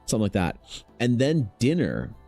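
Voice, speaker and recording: A man's voice: lowish voice, wildly swooping pitch, moderate pace, dark tone, faint music behind. A man chatting casually on a stream in a laid-back, slangy, rambling way. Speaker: streaming artist. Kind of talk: casual chat on a livestream.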